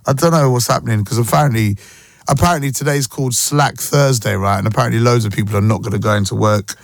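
A man's voice: mid-range voice, quick pace, creaky, no room sound, studio quality. A man hosting a casual morning radio chat, rambling along with slang and sing-song asides. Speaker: radio host.

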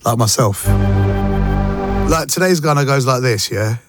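A man's voice: mid-range voice, animated, measured pace. A male radio presenter, chatting playfully and teasing listeners on a breakfast show in a studio. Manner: chatty, playful, teasing, switches into Hindi-Urdu phrases. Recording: music bed under the voice.

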